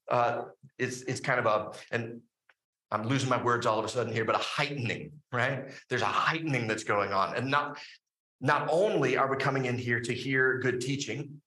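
Animated bright-voiced man preaching. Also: medium pitch, normal speed, reverberant, rough recording. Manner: animated preaching with frequent fillers and tag questions. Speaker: pastor. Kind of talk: sermon.

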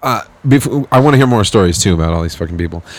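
A man's voice: on the low side, expressive, very fast. A man co-hosting a casual podcast, asking the guest curious questions and swearing casually. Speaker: podcast co-host. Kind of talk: casual interview chat.

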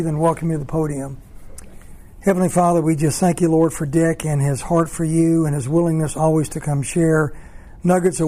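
A man's voice: fairly high pitch, mellow. A man from a ministry introducing a guest speaker and then leading a prayer.

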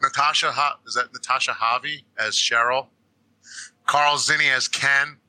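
Man with a very bright, sharp voice. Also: mid-range voice, fairly even intonation, moderate pace, dry recording, rough recording. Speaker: podcast co-host. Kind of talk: casual horror podcast chat.

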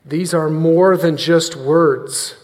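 High-pitched guy preaching a sermon, getting the crowd to say lines back, big echoey church. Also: steady tone, slow, a little mellow. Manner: earnest, leads the congregation in repeating lines.

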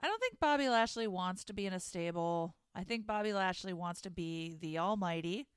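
A woman co-hosting a podcast, making dry, deadpan jokes in casual chat. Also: lowish voice, normal speed, clean tone, no room sound. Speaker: podcast co-host.

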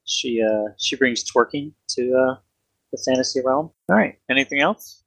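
A game master narrating a tabletop game in a relaxed, hesitant way with many pauses. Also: medium pitch, no echo, low-quality recording.

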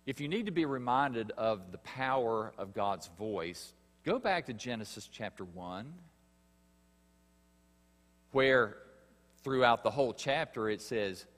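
A man preaching a sermon, earnest and emphatic, pausing and rising in stress as he reads scripture. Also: mid-range voice, lively intonation, a bit bright, long reverb tail. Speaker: pastor.

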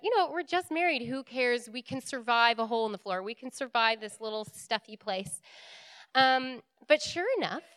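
A young woman telling a story in a casual, animated way, laughing often and full of likes and ums. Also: on the high side, clean tone, dry recording.

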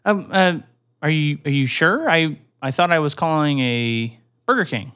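A man's voice: fairly high pitch, moderate pace, a bit bright, clear, resonant tone, lightly acted. A man playing a pushy male customer ordering over the phone, hesitant yet insistent.

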